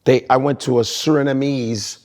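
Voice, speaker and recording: A man's voice: mid-range voice, brisk. Joking storyteller man, co-hosting. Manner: animated joking storyteller, slips into impressions. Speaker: podcast co-host and comedian. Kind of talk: casual chat.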